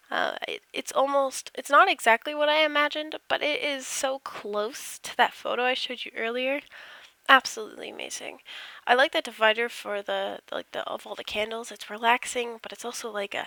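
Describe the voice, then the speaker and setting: Bright, gravelly young woman rambling. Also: on the high side, normal speed, no room sound. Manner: rambling, self-deprecating, yawning, giggly. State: tired, yawning. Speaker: game builder narrating her build. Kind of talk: casual voice-over commentary.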